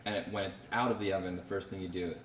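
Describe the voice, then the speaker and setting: A man casually chatting while cooking, relaxed and repeating phrases. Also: deep voice, fast, far from the mic. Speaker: cook. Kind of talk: casual cooking demo chat. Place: kitchen. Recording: echoey kitchen, mic from afar, noisy. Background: frying and sizzling.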